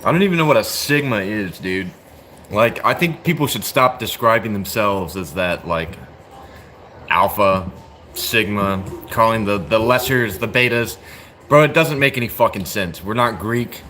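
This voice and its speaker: A man's voice: on the low side, normal speed, sharp tone, slight background noise. An American man in his thirties, chatting casually with a livestream chat in a blunt, joking, profane way full of slang. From United States. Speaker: livestream host answering chat.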